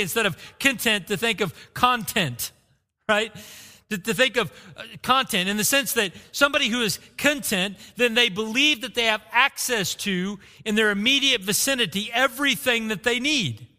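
Male pastor, high and very bright voice, rhetorical sermon style, reverberant church hall. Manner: repeats key phrases, rhetorical questions.

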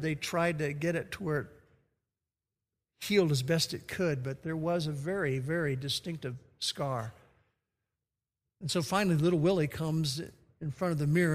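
A high-voiced man preaches from the pulpit, moving from a gentle story into emphatic reading of scripture. His voice rings out with a long reverb in a large church hall. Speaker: pastor. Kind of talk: sermon.

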